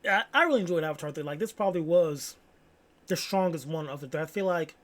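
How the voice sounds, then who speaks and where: Young male vlogger, slightly higher voice, loose slangy rambling, lots of "like" and "bro". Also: fast talker. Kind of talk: casual solo chat.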